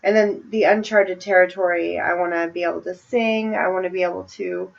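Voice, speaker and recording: A woman taking part in a group call, speaking softly and hesitantly. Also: fairly low pitch, steady tone, brisk, vocal fry, lo-fi sound. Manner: soft-spoken, hesitant. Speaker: workshop participant.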